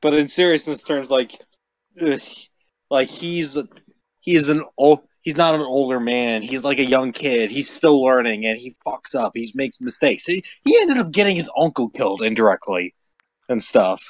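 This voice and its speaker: A man's voice: medium pitch, expressive, normal speed, no echo. A man chatting casually about comic heroes on a podcast, rambling with lots of fillers and swearing. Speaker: podcast host. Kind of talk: casual chat.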